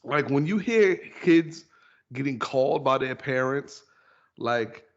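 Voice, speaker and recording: A man hosting a podcast, telling animated stories in casual chat and acting out other people's lines. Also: medium pitch, takes it slowly. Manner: animated storyteller, acts out kids' voices. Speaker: podcast host. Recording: dull lo-fi podcast audio.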